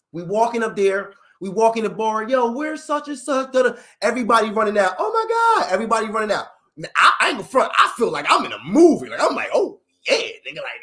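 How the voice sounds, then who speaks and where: A young man telling a street story in slangy, animated talk, acting out other people's lines in raised voices. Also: sits high. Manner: acts out others' lines in raised voices, slangy, fillers like "you know what I mean". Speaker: storyteller recounting his past.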